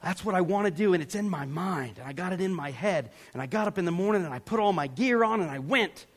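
A man from Georgia, preaching a sermon as a pastor, telling a story with animated acted-out voices. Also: high voice, fast. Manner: animated, acts out voices and yells for effect.

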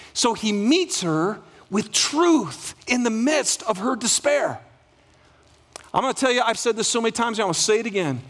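A male pastor preaching a sermon to a congregation, animated, acting out dialogue and asking the room for responses. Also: extremely high pitch, normal speed.

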